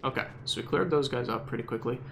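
A man's voice: mid-range voice, fast, vocal fry, fairly bright tone, slight background noise. A man from the Southern US giving rambling, self-mocking gameplay commentary as a gaming video host.

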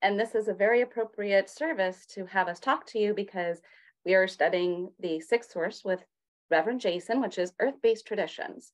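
A woman's voice: medium pitch, normal speed. A woman who co-leads a church ministry, explaining it in a friendly way during a service. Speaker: ministry co-leader. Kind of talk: church talk.

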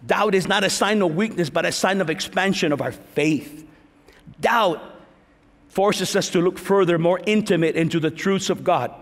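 High-voiced man preaching in a hall. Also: normal speed. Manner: animated, acts out prayers and asides to the congregation. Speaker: pastor. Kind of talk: sermon. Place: large church sanctuary. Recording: long reverb of a large hall.

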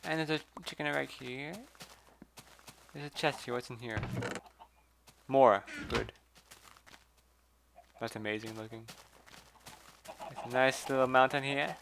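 A man's voice: mid-range voice, steady tone, takes it slowly, gravelly, pauses often, background noise. A man giving casual gameplay commentary, chatty, swearing, and talking to the animals in the game. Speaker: gameplay video host.

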